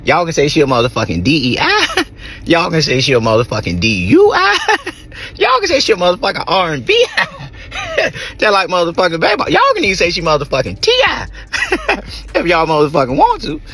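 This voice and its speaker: A man's voice: fairly high pitch, wildly swooping pitch, brisk, fairly bright tone, breathy edge. A man in a played clip, ranting and laughing, swearing in nearly every line. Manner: laughs between lines, swears constantly. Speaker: rapper speaking in a clip. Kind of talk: laughing profane rant to camera.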